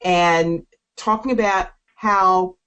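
Brisk, chatty radio host woman. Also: lowish voice, steady tone, a bit bright, clean tone. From South Jersey, USA. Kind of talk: call-in radio talk.

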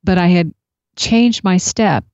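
A woman tells a personal story in a reflective, unhurried way. Her voice sits low and mellow. The recording is dry and slightly dull. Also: clean tone, no echo. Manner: reflective, unhurried anecdotal telling. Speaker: speaker sharing spiritual experiences.

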